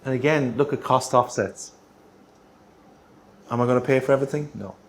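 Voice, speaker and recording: A man's voice: medium pitch, moderate pace. An Irish man in middle age talks a room through a workshop, bantering and teasing as he goes. His voice sits in an ordinary middle register. Faint noise hums underneath. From Ireland. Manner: chatty, teasing, ends points with "right?". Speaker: workshop presenter. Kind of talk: joking workshop talk. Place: council meeting room.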